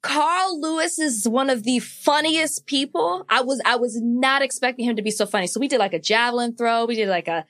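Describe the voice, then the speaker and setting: A woman co-hosting a podcast in casual chat, easygoing, telling stories and giving quick affirmations. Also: on the high side, fairly bright tone. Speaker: podcast co-host.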